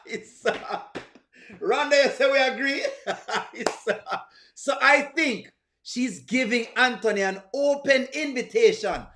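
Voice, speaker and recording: A man's voice: very high-pitched, slow pace, pushed and bright, a little hiss or hum. Man, Jamaican accent, livestream host, teasing, greets chat, roomy echo. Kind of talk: live reaction chat. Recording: echoey room.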